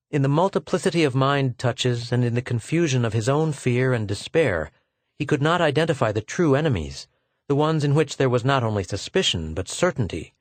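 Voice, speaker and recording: A man narrating a science fiction audiobook in a measured, scripted style that slows at tense moments. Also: medium pitch, no echo.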